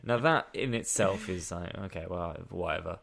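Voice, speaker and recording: Picture a man with a slightly low voice, griping sarcastically about a bad film to his co-host. His talk is casual and exasperated, with a dry edge and an occasional swear. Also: moderate pace, creaky, fairly bright tone. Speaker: podcast co-host. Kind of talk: casual comedic film review chat.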